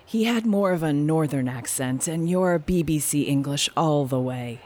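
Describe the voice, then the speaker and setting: A woman's voice: low-pitched, animated, normal speed, darkish tone. A woman doing a blunt, mocking cosplayer. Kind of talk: comedy audio sketch.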